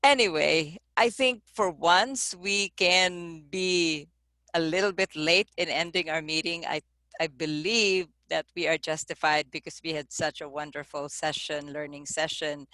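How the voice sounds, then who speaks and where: A woman with a bright, forward voice, chairing an online meeting over a video call. She talks in a chatty way and laughs at her own slips, and the sound is close and dry. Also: lowish voice, no echo.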